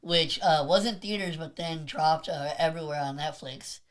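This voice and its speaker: A woman's voice: low voice, normal speed. A woman co-hosting a podcast, talking bluntly about films with plenty of swearing and filler words. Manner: blunt and profane, lots of filler. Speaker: podcast co-host. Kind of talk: casual film review chat.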